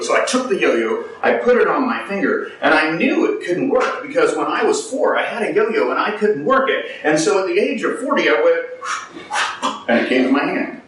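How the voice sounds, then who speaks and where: A man in his forties telling a personal story to a live audience, animated and self-mocking, acting out what people said. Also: on the high side, moderate pace. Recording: echoey hall, distant mic.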